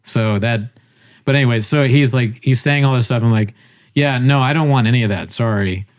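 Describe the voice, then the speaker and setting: A man on a casual podcast telling a story with animated, swearing delivery, laughing often and acting out the people he quotes. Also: medium pitch, a little fast. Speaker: podcast co-host. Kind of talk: casual chat.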